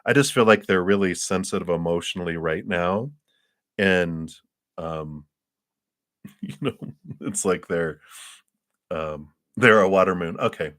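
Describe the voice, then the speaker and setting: A man's voice: low-pitched, measured pace, pauses often, fairly bright tone. A man giving tarot readings on a live stream, chatty and thinking aloud, laughing often between thoughts. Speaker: tarot reader.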